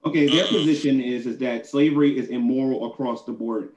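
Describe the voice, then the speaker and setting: A man's voice: mid-range voice, fairly quick, darkish tone, echoey room. A man arguing hard in an online debate, combative and repeating his points as he talks over others.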